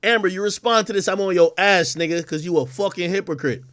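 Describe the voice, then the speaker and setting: A man from Jamaica hosting his own show, delivering a profane, aggressive, confrontational rant and often breaking into shouts. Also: high voice, fast talker. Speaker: host. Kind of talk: ranting livestream commentary.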